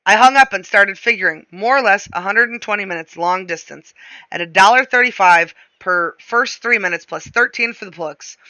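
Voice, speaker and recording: A woman reading a novel aloud, shifting her pace and slowing on descriptive phrases. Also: medium pitch, bright, forceful tone, no room sound, low-quality recording. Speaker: reader.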